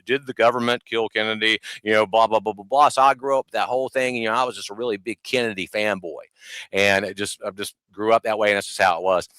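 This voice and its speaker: A man in his fifties, a podcast guest talking in an animated, emphatic way with mocking asides. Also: on the low side, clean tone, dry recording. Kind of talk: casual conversation.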